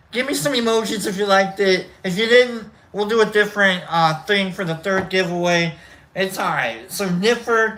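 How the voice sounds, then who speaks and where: A man's voice: on the high side, pushed and bright. A man hosting a casual livestream, chatting in a rambling, self-correcting way. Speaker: livestream host.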